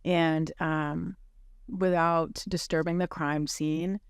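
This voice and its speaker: A woman on a podcast telling a moving personal story in an earnest, halting way, with many fillers and restarts. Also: low voice, little pitch movement, smooth, no room sound, clean studio sound.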